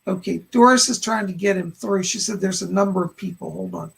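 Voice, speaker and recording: Gravelly husky male psychic host. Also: sits high, fairly quick, fairly bright tone. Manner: relays spirit messages, frequent "he said" and "hold on". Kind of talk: live-stream psychic readings of chat questions.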